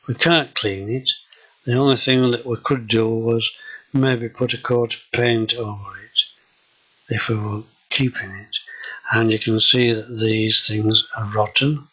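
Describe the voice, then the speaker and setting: Slow older Yorkshire man, husky. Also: lowish voice, pushed and bright, rough recording. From Yorkshire, England. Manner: slow, hesitant, with many fillers. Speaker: vlogger. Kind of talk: casual home video walkthrough.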